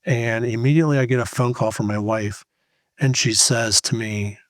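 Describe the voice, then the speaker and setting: A man's voice: medium pitch, normal speed, dry recording. Man telling a personal story, dry close sound. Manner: conversational, retells scenes by quoting himself and others. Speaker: Christian speaker sharing testimony.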